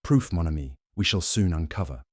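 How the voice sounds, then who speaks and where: A man performs a fussy elderly Belgian detective in an audiobook mystery. He speaks softly and with precise courtesy. The voice is deep and close, with no room sound. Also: animated, brisk, slightly rough, dry recording. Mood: courtly.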